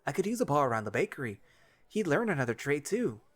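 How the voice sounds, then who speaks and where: A man's voice: on the high side, very animated, fast, voice pushed up. A man doing a jolly older wolf baker. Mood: teasing. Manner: jolly, teasing, folksy.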